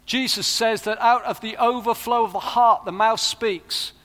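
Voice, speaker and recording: A man's voice: very high voice, fairly even intonation, measured pace, fairly bright tone. A middle-aged man preaching a sermon, earnest and rising to fervent appeals. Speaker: pastor. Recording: long reverb of a large hall.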